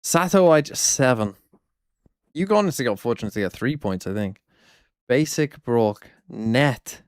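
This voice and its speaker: A man's voice: mid-range voice, a little mellow, dry recording, clean studio sound. A man streaming, casually reviewing viewers' fantasy teams in a wry, blunt way, thinking aloud. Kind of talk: casual livestream commentary.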